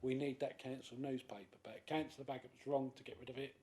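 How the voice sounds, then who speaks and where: A man, a councillor speaking in a committee debate, animated and acting out other people's voices. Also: medium pitch, fast talker, a little hiss or hum. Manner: animated, acts out quoted voices. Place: council chamber.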